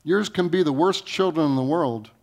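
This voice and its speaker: Gravelly preaching man. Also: normal speed. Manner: preaching with sudden rises in pitch and volume, then dropping low; reads scripture aloud and asks the congregation questions. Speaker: pastor. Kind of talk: sermon.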